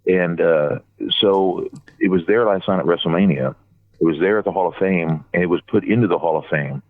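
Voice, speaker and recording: A podcast regular calls in over a dry, tinny phone line to tell rambling stories about his fan convention trip, restarting his sentences again and again. His voice is low and he speaks a little fast.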